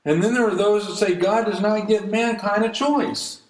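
Male pastor, earnest pleading sermon delivery, slightly high pitch, echoey church room. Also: steady tone, normal speed, slight background noise. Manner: earnest, pleading preaching with scripture reading.

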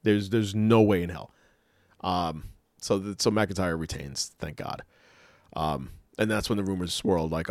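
A man co-hosting a podcast in casual chat, rambling and animated, laughing often and full of fillers. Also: low-pitched, measured pace, dry recording, clean studio sound. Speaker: podcast co-host.

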